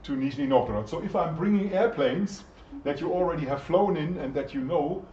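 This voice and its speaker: A man lecturing a university class in a relaxed, chatty way, stopping often to put questions to the students. He sounds distant in an echoey lecture room, and the recording is dull and muffled. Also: on the high side, fairly quick, slight background noise. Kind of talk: interactive lecture.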